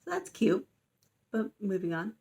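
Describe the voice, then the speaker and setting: A young woman talks in a loose, rambling way, padding her sentences with fillers. She recaps things casually and breaks into playful little quotes as she goes. Her pitch sits in an ordinary middle range. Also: sing-song, a little slow, dark tone, slightly rough. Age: young adult. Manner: chatty, filler-heavy, playful quoting. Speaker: student vlogger.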